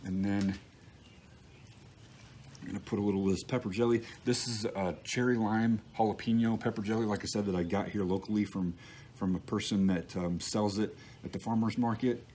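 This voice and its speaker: Man, lowish voice, casual cooking demo, folksy, filler words, faint outdoor background. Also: fairly quick, slight background noise, rough recording. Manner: relaxed, folksy, with frequent fillers and restarts. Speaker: cook team captain demonstrating a recipe. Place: outdoor grill setup.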